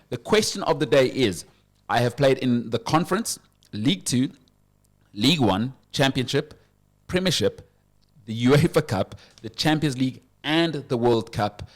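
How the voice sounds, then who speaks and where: A man hosting a casual sports talk radio show, animated and full of banter and quick asides. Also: medium pitch.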